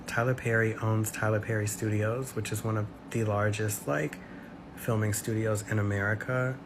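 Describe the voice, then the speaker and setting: A fairly low-voiced man talks through a commentary in an earnest, questioning way, often stopping on a filler. A clear hiss of background noise runs under his voice the whole time. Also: fairly even intonation, normal speed. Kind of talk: commentary video.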